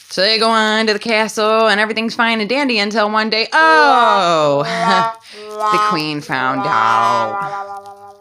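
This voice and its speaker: A woman's voice: medium pitch, expressive, takes it slowly, noisy background. A woman telling a comic story with sassy, slangy asides. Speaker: comedic storyteller.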